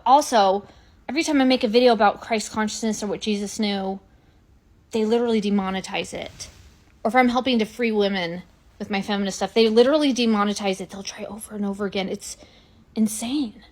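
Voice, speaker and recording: A female content creator performs a sarcastic comedic monologue, swinging from whispered asides to loud, exasperated outbursts. Her voice is medium-pitched and fairly quick.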